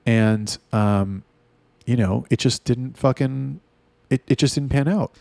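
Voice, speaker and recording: A man's voice: mid-range voice, takes it slowly, creaky, a little mellow, no echo. A man ranting in a casual, blunt and heavily profane monologue. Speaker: talk host.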